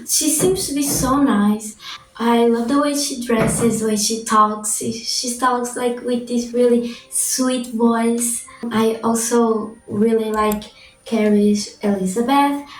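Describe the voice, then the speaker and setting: A teenage girl chats slowly in a fairly high voice, filling her sentences with "like" and "um" as she answers questions. She sits back from the mic in an echoey room. Soft music plays faintly underneath. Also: recorded from a distance. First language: Portuguese. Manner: chatty, frequent fillers, self-correcting. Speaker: vlogger. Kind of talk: casual Q&A vlog.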